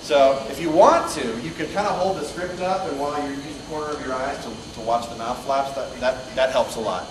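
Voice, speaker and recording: A man's voice: mid-range voice, a little fast, few pauses. A man leading a dubbing panel at a convention, chatty and joking as he directs volunteers from the audience. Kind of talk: casual convention panel talk. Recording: echoey room from far off, crowd noise. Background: audience murmur and laughter.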